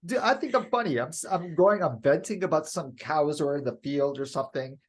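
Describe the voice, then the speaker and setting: A man co-hosting a podcast in casual chat, excitable, saying "dude" often and acting out quotes. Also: on the high side, fairly quick, breathy edge. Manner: excitable, says "dude" a lot, acts out quotes. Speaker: podcast co-host.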